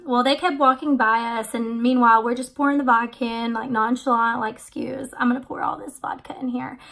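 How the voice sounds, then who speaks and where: A chatty young woman vlogging about her trip, her voice sitting a little high. She rambles along with plenty of "like" and "um", in an easy storytelling way. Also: a bit bright. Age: 20s. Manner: chatty, many fillers and "like". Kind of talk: casual storytelling.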